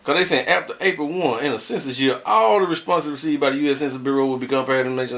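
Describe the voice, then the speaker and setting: A man's voice: mid-range voice, quick pace, hardly any pauses, a bit bright. A married man vlogging, ranting bluntly to his viewers and laughing often as he complains. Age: adult, married. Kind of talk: casual ranting commentary.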